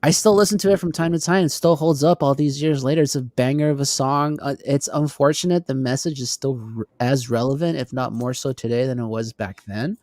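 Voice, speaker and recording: A man co-hosting a casual podcast chat, animated and swearing now and then. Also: mid-range voice, brisk, hardly any pauses, no room sound, clean studio sound. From Texas. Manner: animated, swears, laughs often. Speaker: podcast co-host.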